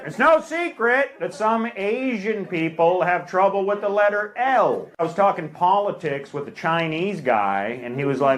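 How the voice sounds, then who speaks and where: A male stand-up comedian working a club stage, setting up dry one-liners and needling the crowd between bits. His voice sits a touch higher than most men's. The live stage recording has loud noise running under everything. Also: normal speed, few pauses. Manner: deadpan one-liner delivery; crowd work, teasing the audience.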